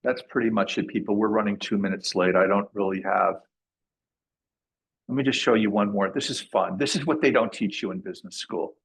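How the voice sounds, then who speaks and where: Low-voiced man giving a lecture. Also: a little fast, gravelly, slight background noise, rough recording. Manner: casual, repeats words and restarts phrases. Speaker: masterclass lecturer. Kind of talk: classroom lecture.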